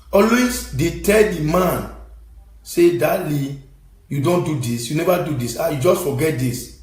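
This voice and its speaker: A Nigerian man giving impassioned, scolding commentary, bursting into shouts and preaching at his listeners. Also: medium pitch, roomy sound, poor audio. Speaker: online commentator.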